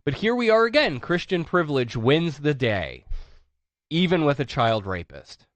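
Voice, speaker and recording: A man's voice: on the high side, sing-song, moderate pace, dry recording. A man with a sore throat, co-hosting a casual podcast and reading news stories aloud with sarcastic commentary. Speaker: podcast co-host.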